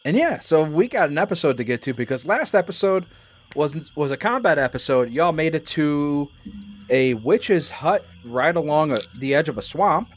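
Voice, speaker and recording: Casual halting man running a game. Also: on the high side, animated. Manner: casual, halting, many restarts. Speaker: game master. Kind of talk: narrating a tabletop game.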